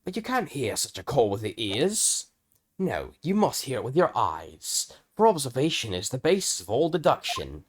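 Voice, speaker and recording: A man's voice: medium pitch, big pitch swings, moderate pace. A man voicing a theatrical male British detective with a put-on British accent and a grand, declaiming delivery. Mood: lofty. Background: video game music.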